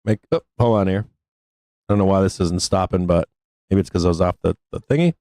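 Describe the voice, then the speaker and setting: A man hosting a live stock market show, giving casual trading commentary in a rambling, profane way with many fillers and quick bursts. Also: low-pitched, lively intonation, warm tone, dry recording, low-quality recording.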